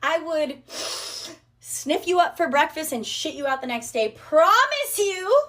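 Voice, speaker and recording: A woman vlogger talks straight to her viewers in a brash, profane, sassy rant. Her voice sits a little on the high side. She tells her story in a loose, casual way. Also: normal speed.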